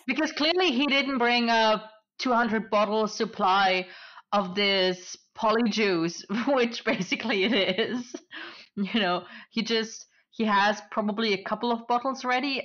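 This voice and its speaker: A woman co-hosting a casual chat, animated and quick to laugh. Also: fairly high pitch. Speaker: podcast co-host. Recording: dull lo-fi audio.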